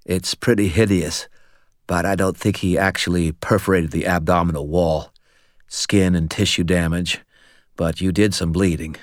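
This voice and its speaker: In an audiobook reading, a man puts on a jittery young medic whose voice comes out thick and clogged, as if through a swollen nose. He rambles and hesitates, earnest and a little shaken, pitched a touch above a deep, dry narrating voice. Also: steady tone, normal speed, no echo, lightly acted. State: thick, slurred, stuffed-up voice from a broken nose. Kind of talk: audiobook character voice.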